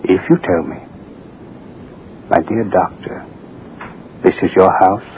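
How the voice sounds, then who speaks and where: An actor playing an arrogant, menacing state official who speaks curtly and with contempt, in 1940s radio-acting style. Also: male voice, low voice, slow. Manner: curt, domineering, contemptuous. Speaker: propaganda official, His Excellency. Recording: dull old radio recording with faint hiss.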